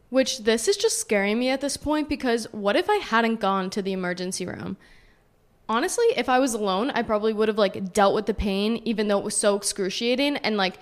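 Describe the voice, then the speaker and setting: A woman's voice: a little high, fairly quick. A young woman in her twenties, a podcast host telling a personal story in a chatty, casual way and saying "like" a lot. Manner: chatty, heavy use of "like".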